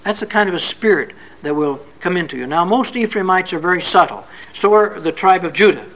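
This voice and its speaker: A man's voice: high voice, expressive, a little fast, a bit bright, highs cut off. A man giving a classroom scripture lecture in an earnest, folksy, conversational way. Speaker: religious lecturer.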